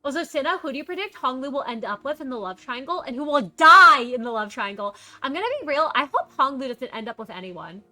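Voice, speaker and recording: A woman's voice: high voice, lively intonation, fast talker, few pauses, bright, forceful tone. A woman streamer in casual live chat, bubbly, reading viewer messages aloud and greeting them on a desk microphone. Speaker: game streamer.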